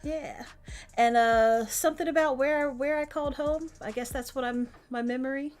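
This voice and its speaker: A woman's voice: sits high, fairly even intonation, moderate pace, darkish tone. A woman playing a tabletop role-playing game over a voice call, giggly and hesitant as she describes her character. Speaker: player. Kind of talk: casual tabletop chat.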